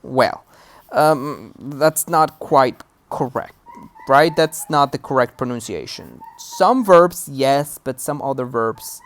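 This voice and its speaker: A woman's voice: rumbling low, slow pace. A woman teaching English grammar and pronunciation in a recorded lesson, explaining patiently step by step and checking in with the learner.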